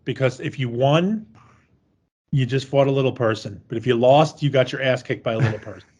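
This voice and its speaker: Here the podcast co-host has a mid-range, slightly mellow, husky voice and talks briskly. In a loose movie recap, he laughs his way through a horror film's scenes, describing them in a crude, joking manner.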